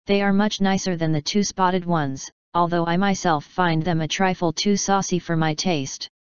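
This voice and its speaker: A woman's voice: fairly low pitch, steady tone, normal speed, smooth, no room sound, close to an everyday voice. Prim, genteel ladybird, read by a woman. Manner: polite, prim and refined. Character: genteel, modest female ladybird, proud of her nine spots. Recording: slightly dull, dry recording.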